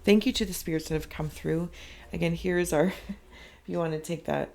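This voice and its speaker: A spirit reader hosting an inkblot reading, with a gravelly, fry-edged voice at an ordinary middle pitch. The talk wanders in loose, repeated phrases and turns emotional, often sinking into soft half-whispers. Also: steady tone, normal speed. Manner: loose, repetitive phrasing with many fillers. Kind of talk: channeled spirit reading, spoken freely.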